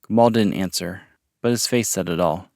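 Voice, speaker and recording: A man narrating a story podcast in a calm, measured reading voice. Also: deep voice, gravelly, no room sound, clean studio sound. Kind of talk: audiobook-style story narration.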